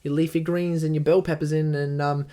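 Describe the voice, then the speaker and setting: A man's voice: a little high, level tone, fairly quick, warm tone. A young Australian man hosting a casual solo podcast, enthusiastic and rambling, swearing freely between asides. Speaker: podcast host.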